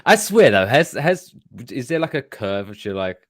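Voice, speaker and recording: A man's voice: medium pitch, sing-song, normal speed, dry recording. A man with an English accent co-hosting a casual podcast chat, with dry, teasing banter. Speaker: podcast co-host.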